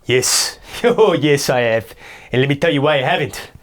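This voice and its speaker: A man's voice: mid-range voice, animated, moderate pace, lightly acted. A man playing a boastful, self-pitying guy who rambles indignant complaints in an improvised comedy sketch.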